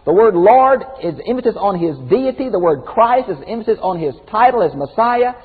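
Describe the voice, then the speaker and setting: An older man teaching the Bible as a pastor, folksy and animated, swinging from loud exclamations to quiet emphasis. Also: high voice, moderate pace, husky. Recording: phone-like audio with long hall reverb.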